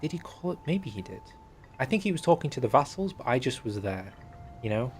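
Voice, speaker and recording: A man's voice: medium pitch, big pitch swings, a little fast, a little hiss or hum. Chatty young man streaming a game. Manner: chatty, wry, reads in-game text aloud. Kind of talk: game livestream commentary.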